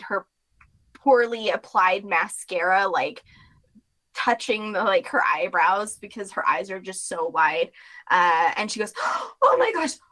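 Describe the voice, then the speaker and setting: Woman game master narrating a scene. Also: mid-range voice. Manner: relaxed, filler-heavy narration.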